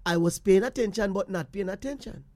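A man with a Jamaican accent, telling a personal story to his viewers in an animated way, slipping into patois and repeating phrases. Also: high-pitched, brisk, no room sound.

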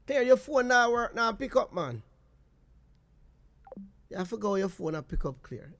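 Guy hosting call-in radio, high voice, takes his time asking questions. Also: sing-song, a bit bright, slight background noise. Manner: slow, probing questions.

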